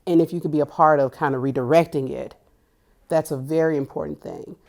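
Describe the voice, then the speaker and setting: Woman from Tennessee, school liaison, low voice, crisp enunciation, interview answers. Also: steady tone, fairly quick, a little mellow. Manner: careful, clearly enunciated speech. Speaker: school family and community liaison.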